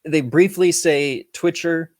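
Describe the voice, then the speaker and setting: A man's voice: fairly high pitch, slow pace, dry recording. A man co-hosting a film review podcast, chatting casually, swearing freely and acting out quotes. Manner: profane, animated, acts out quotes. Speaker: podcast co-host.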